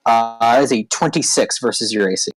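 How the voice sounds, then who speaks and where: A man running a tabletop game as dungeon master, talking haltingly with many ums and uhs. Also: medium pitch, dry recording, soft background music, low-quality recording.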